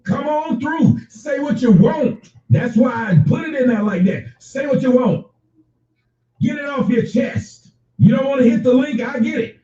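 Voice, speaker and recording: Animated profane man in an echoey room. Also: very high-pitched, moderate pace, few pauses, far from the mic. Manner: animated, profane, addresses chatters by name. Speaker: livestream host reading viewer chat. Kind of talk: casual unscripted livestream talk. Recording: echoey room, off-mic, dull lo-fi sound.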